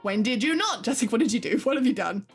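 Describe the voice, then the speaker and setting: A young woman streamer chatting casually to her live audience with an exaggerated, expressive delivery, swearing freely and laughing often. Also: a little high, fast talker, breathy edge, faint music behind.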